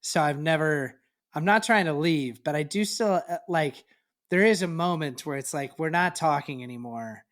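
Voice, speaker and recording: A man co-hosting a casual parenting podcast, talking in a relaxed, reflective way and laughing easily. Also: on the high side, normal speed. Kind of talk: casual chat.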